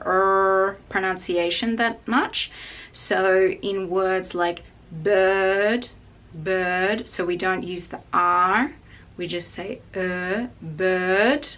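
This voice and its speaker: A woman with an Australian accent teaching English pronunciation, saying each example word slowly and repeating it. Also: medium pitch, bright, forceful tone. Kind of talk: pronunciation lesson.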